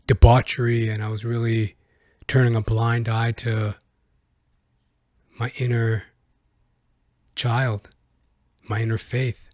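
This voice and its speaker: A man's voice: mid-range voice, darkish tone, no room sound. Male podcast host, mid-range voice, casual profane solo storyteller, dry room.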